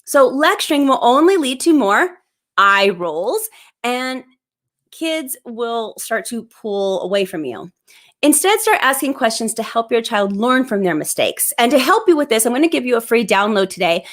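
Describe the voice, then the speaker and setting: A woman in her thirties hosting a live parenting advice show, explaining tips in a clear, upbeat way into a plug-in microphone. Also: fairly high pitch, very animated, moderate pace.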